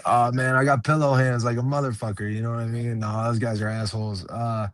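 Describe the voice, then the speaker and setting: A young professional MMA fighter, appearing as an interview guest, chats in a relaxed way, swearing freely and laughing a lot. His voice is medium in pitch with little variation, and he talks briskly with no echo.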